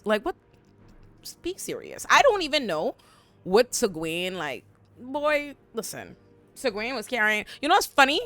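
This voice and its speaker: A woman giving a casual, animated, slangy recap of a TV episode. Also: a little high, measured pace, no room sound. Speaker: show recapper.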